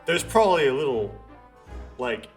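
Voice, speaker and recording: A man's voice: medium pitch, very animated, normal speed. A man giving rambling, offhand commentary while playing a story game, over game music. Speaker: let's-play commentator. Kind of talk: casual gameplay commentary.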